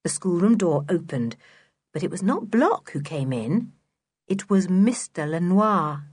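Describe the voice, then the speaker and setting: A woman narrating a children's storybook in an expressive, clear reading voice. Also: fairly low pitch, unhurried, no echo. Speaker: audiobook narrator.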